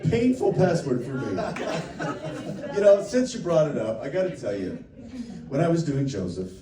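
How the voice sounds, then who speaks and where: A man with a slightly high, sing-song voice hosts a playful fan Q&A at a normal pace in an indoor meet-and-greet room, often laughing as he tells stories in casual, joking chat. The mic is distant, the room echoes, and a crowd can be heard in the background.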